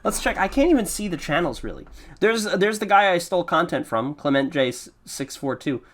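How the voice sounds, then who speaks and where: A man's voice: high-pitched, very animated, a little fast. A man hosting a casual commentary, talking in a profane, self-mocking, rambling way. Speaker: podcast host. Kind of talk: casual commentary on his old videos.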